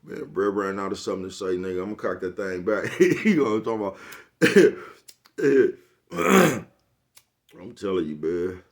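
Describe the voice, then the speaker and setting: A man's voice: low voice, expressive, unhurried. A man vlogging a casual comedic rant to camera, laughing often and leaning on slangy, profane street talk with a repeated catchphrase. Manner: laughs often, repeats "you know what I'm talking about".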